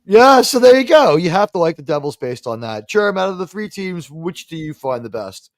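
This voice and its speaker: A man hosts a casual streamed panel talk show, rambling, joking, and laughing often. His voice is fairly high and expressive at a moderate pace, captured in clean studio sound with no room noise.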